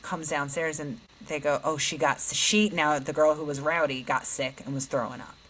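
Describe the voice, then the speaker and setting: A woman's voice: low-pitched, steady tone, normal speed, a bit bright, poor audio. A middle-aged woman co-hosting a podcast, telling a long story in casual chat, quoting others and laughing as she goes. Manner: retells a story with quoted voices, laughing often. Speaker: podcast co-host.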